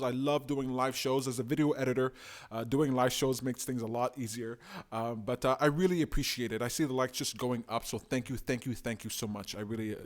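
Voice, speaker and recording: A man hosting a live stream, giving opinionated, animated commentary and reading out viewer comments. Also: mid-range voice. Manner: opinionated, animated, talks to chat.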